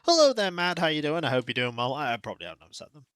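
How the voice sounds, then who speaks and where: A man, a livestreamer, chatting casually and greeting viewers by name in a relaxed, playfully formal way from his home. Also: mid-range voice, rapid-fire, no echo. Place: home room.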